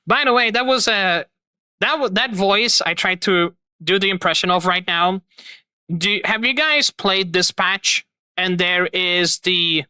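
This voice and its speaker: A man's voice: high-pitched, sharp tone, smooth, dry recording. Upbeat man rambling on a stream. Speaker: streamer host. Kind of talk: casual live-stream chat.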